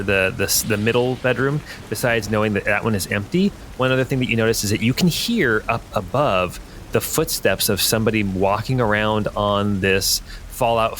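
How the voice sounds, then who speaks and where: A man's voice: fairly low pitch, fairly bright tone, a little hiss or hum. A man narrating as game master of a tabletop adventure, describing scenes with frequent hesitations and fillers.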